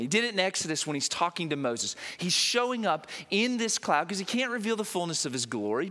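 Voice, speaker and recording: A high, lively male voice preaching a sermon in a church, rising and falling with wide swings. He talks emphatically and often doubles back on words as he builds a point. A long hall reverb trails behind every phrase. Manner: animated, repeats words while building emphasis. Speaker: pastor.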